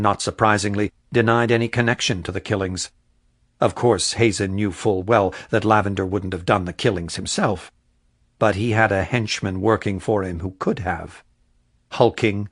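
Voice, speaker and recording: A man narrating a crime thriller audiobook in a measured, suspenseful way. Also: fairly low pitch, dry recording. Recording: dry studio voice with faint music.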